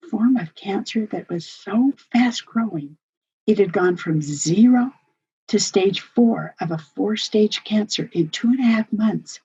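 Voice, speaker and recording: A woman's voice: mid-range voice, dark tone. An older woman, a grandmother, telling a personal family story in an earnest, heartfelt way as a workshop presenter. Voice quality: husky. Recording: dull lo-fi recording.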